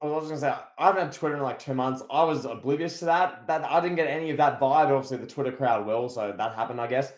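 A man's voice: medium pitch, quick pace, hardly any pauses, roomy sound, low-quality recording. An Australian man co-hosting a podcast, chatting casually about wrestling and acting out the promos he recaps. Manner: animated, acts out quoted promos. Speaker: podcast co-host.

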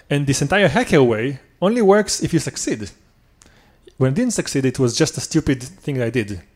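A man's voice: medium pitch, a little mellow. A man telling a personal story on stage at a live show, earnest and self-critical.

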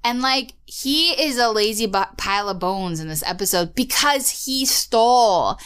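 A woman's voice: on the high side, expressive, measured pace, a bit bright, clear, resonant tone. A woman co-hosting a podcast, recapping a cartoon episode in casual, opinionated chat and laughing often.

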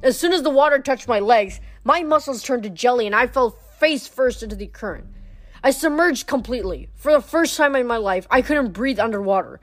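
A woman's voice: on the high side, animated, a little fast, no room sound. A woman reading a novel aloud in the first person, plainly and with small slips and restarts. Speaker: reader.

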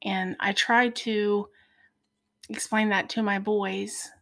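A middle-aged woman speaking as a podcast guest in a heartfelt faith conversation, earnest and soft-spoken. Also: mid-range voice, little pitch movement, takes it slowly, vocal fry.

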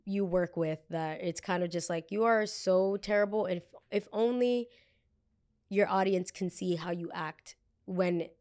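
A blunt, animated young woman from New Jersey hosting a casual storytime podcast. She swears freely and acts out what other people said. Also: lowish voice, a little slow. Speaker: podcast host.

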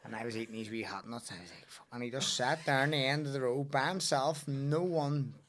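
A man's voice: medium pitch, fairly quick, a bit bright, a little hiss or hum. A man with a Northern Irish accent, a podcast guest joking and swearing in casual chat.

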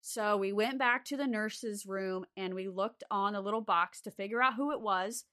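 A young adult woman telling a story from her days as a care aide, relaxed and unhurried, with lots of "like" fillers. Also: medium pitch, smooth. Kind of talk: casual spoken ghost story.

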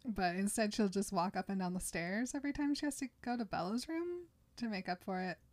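A woman's voice: mid-range voice, lively intonation, brisk, a little mellow. A woman casually recapping a book chapter, chatty and giggly as she tells it.

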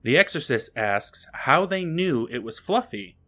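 A man's voice: a little high, sing-song, a little slow, bright, forceful tone. A man hosting a podcast, recapping a show's plot in casual chat with dry jokes. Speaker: podcast host recapping an episode.

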